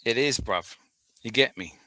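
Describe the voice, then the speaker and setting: A man's voice: mid-range voice, unhurried, sharp tone, dry recording. A man co-hosting a podcast, chatting casually and jokily, laughing often and swearing freely. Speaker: podcast co-host. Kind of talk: casual chat.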